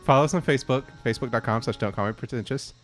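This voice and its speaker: Casual rambling podcast host, faint music. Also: male voice, medium pitch, very fast. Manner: rambling anecdotes, laughing, swearing. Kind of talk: casual chat.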